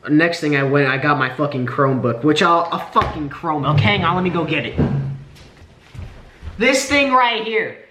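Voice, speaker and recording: A man's voice: on the high side, animated, normal speed, noisy background. A young man from Nebraska in his late teens, complaining in a profane, sarcastic vlog rant. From Nebraska, USA. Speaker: vlogger. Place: indoor room by a window. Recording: roomy, echoey room.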